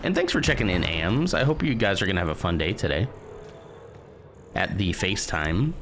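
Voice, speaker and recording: Deep-voiced, musing American man. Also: expressive, normal speed, faint music behind. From United States. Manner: musing and hesitant, thinking out loud with many fillers. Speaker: streamer. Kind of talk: casual live-stream chat while gaming.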